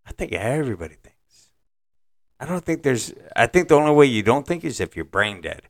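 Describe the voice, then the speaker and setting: A man's voice: medium pitch, very animated, a little fast. A man from the northeastern US co-hosting a casual chat and telling personal anecdotes in an easygoing way. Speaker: podcast co-host.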